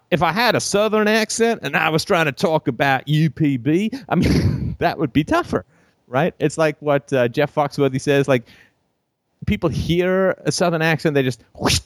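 A British-accented man hosting a call-in show, talking off the cuff in an animated way, laughing often between phrases, with a theater-trained voice. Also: on the high side, moderate pace, no echo, clean studio sound. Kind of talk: unscripted call-in show monologue.

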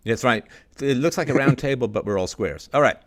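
A man hosting an online roundtable, talking in an animated, emphatic way in casual discussion. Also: medium pitch, fairly quick. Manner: animated, emphatic, mimics other voices. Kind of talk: casual panel discussion, ranting.

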